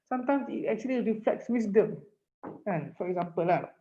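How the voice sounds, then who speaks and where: A woman's voice: medium pitch, expressive, a little fast, highs cut off. A woman with a Malaysian accent giving a paediatrics lecture, code-switching and often adding tag questions. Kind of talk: online medical lecture.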